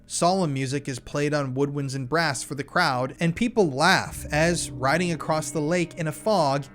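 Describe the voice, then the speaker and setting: A man narrating a conspiracy documentary in a casual, blunt way, with swearing. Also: on the high side.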